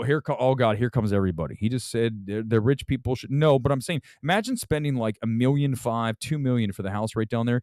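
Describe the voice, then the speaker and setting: A man talks in a loose, rambling rant, full of sarcastic asides. His pitch swings widely from low grumbles up to high, incredulous peaks. The sound is dry and close, with no room around it. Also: darkish tone, no echo. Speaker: podcast host. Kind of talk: casual opinionated chat.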